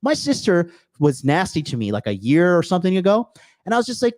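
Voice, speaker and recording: A man hosting a podcast, giving a blunt, crude, animated motivational rant full of swearing and acted-out quotes. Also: sits high, fast, no echo. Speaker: podcast host. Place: apartment or home in Tokyo.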